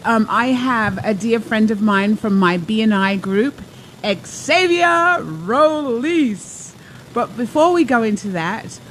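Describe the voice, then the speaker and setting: A woman, a life coach, hosting her talk show with a lively, chatty monologue full of asides. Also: mid-range voice, a little hiss or hum, poor audio.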